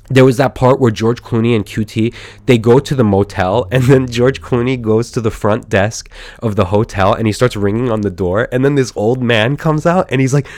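A man's voice: mid-range voice, dry recording, clean studio sound. A man hosting a casual solo podcast, rambling enthusiastically with many fillers and restarts. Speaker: podcast host.

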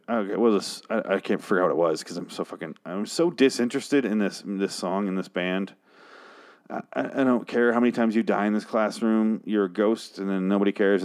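Drunk man ranting angrily, low voice. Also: a little mellow. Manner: angry, profane, exasperated ranting. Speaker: show host. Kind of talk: comedic rant reviewing song lyrics.

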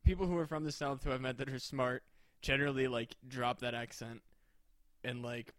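A man's voice: mid-range voice, fairly even intonation, moderate pace, a bit bright, no echo. A man co-hosting a comedy podcast in casual chat, rambling and hesitant with frequent swearing. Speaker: podcast co-host.

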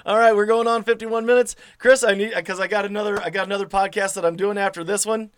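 A man's voice: high voice, level tone, fast, clean tone, dry recording, studio quality. A man hosting a podcast, chatting in a laid-back way, with short reactions and casual swearing. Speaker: podcast host. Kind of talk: casual chat.

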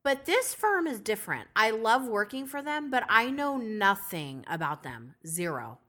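A woman's voice: fairly high pitch, a little slow. A woman podcast host chatting casually and telling a story with lots of swearing and acted-out quotes. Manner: animated storyteller, swears freely, acts out quotes. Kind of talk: casual chat.

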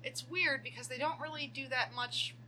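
A woman's voice: sits high, normal speed, a loud crowd. A woman co-hosting a podcast, chatty, adding corrections and details while recapping a film. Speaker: podcast co-host. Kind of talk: casual chat recapping a film.

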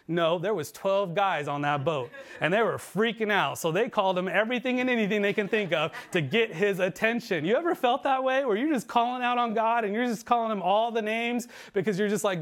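A pastor delivers an earnest sermon in a notably high voice for a man. He presses his points and then lets his voice fall low and quiet to drive them home. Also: animated, fairly quick. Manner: earnest preaching, voice dropping low and soft for emphasis. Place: church livestream.

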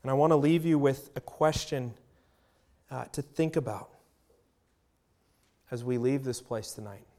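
A man preaching a sermon as pastor, earnest, leaning on emphatic pauses and letting his volume swell and drop. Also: medium pitch, mellow.

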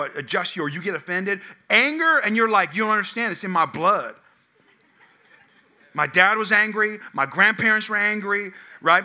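Young male pastor, high and very bright voice, storytelling sermon with loud bursts and hushed asides. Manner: storytelling, swinging from loud acted quotes to hushed tones.

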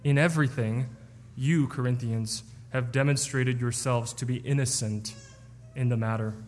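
A man's voice: mid-range voice, fairly even intonation, normal speed, big-room sound. A man preaching an expository sermon, explaining a passage earnestly with some stumbles and restarts.

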